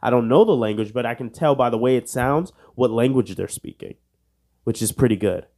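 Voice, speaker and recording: A man's voice: medium pitch, brisk, darkish tone. A young man hosting a casual solo podcast, joking and self-mocking, swearing under his breath while he plays a quiz. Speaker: podcast host.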